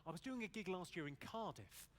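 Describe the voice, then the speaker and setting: High-voiced man doing sharp, swearing stand-up. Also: lively intonation, a little fast. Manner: dry, cutting, swears freely, mimics regional accents. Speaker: stand-up comedian. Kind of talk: stand-up set with crowd work. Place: live comedy arena. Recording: loud audience noise from a stage recording.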